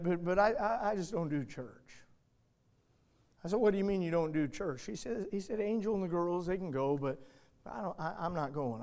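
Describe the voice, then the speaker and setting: A male pastor with a high, lifted voice preaches a sermon. He tells his story dramatically, rising to loud urgency and dropping to a hush. The delivery is animated and full of feeling.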